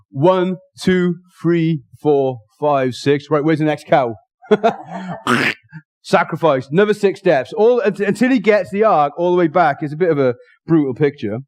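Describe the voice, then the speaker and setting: A man preaching a sermon in church, excitable and jokey, often rushing and restarting his sentences. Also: high voice. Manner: excitable, fast-talking, jokey.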